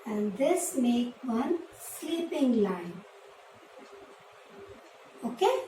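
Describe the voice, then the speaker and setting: A woman with an Indian English accent teaching nursery children, repeating letters and words slowly and clearly so they can copy her. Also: a little high, sing-song, mellow, far from the mic. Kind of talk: slow, patient classroom teaching to small children. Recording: roomy echo, voice from away from the mic, faint background noise.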